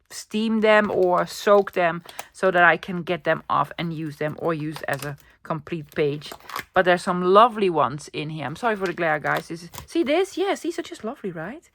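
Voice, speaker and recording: A woman's voice: lowish voice, a bit bright. Chatty woman vlogger. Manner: chatty, enthusiastic, thinking aloud. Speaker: craft vlogger. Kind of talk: casual show-and-tell vlog.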